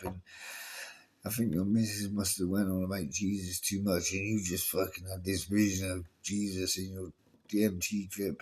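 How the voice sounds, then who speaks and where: Low-voiced man ranting, exasperated. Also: darkish tone. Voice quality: profane, exasperated, pleading. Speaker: video creator. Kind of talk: ranting monologue.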